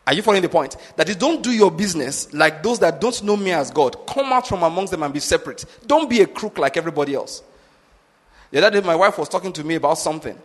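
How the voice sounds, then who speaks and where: A man's voice: a little high, animated, quick pace, in a large hall. A man preaching a sermon as pastor, emphatic and repeatedly checking that listeners follow his point.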